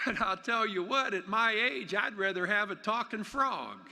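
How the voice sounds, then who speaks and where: A man's voice: high-pitched, animated, moderate pace, creaky, bright, forceful tone, a little hiss or hum, heavily acted. A man voicing an unbothered ninety-two-year-old fisherman with a dry, matter-of-fact manner, in a large arena. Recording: long arena reverb.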